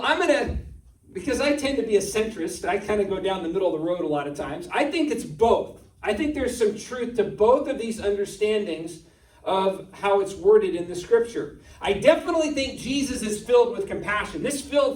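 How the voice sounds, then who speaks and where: A male pastor giving a sermon in a relaxed, conversational way, often putting rhetorical questions to his congregation. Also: sits high. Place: church sanctuary. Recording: echoey church room, distant mic.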